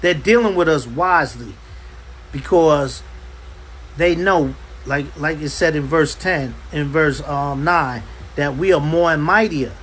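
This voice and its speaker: A man teaching a Bible class in an impassioned preaching style, forceful and hammering points home by repeating himself. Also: on the high side, unhurried, a little hiss or hum, rough recording. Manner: forceful, repeats "understand" for emphasis. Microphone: livestream.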